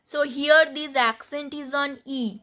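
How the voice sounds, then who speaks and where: A woman with an Indian English accent teaching a beginners' grammar lesson, repeating each word slowly so learners catch the pronunciation. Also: high-pitched, steady tone, fairly bright tone. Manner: slow, repeats words to drill pronunciation. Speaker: French teacher.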